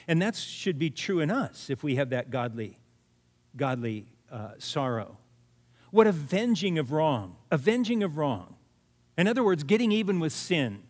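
Inside a large church sanctuary, a pastor with a fairly high voice delivers an earnest sermon, hammering home key words by repeating them.

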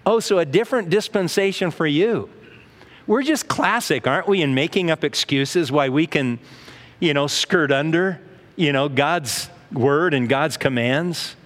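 A man's voice: on the high side, a little slow, a bit bright. Conversational man preaching in a reverberant hall. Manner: conversational preaching with rhetorical questions and acted-out quotes. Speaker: pastor. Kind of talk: sermon.

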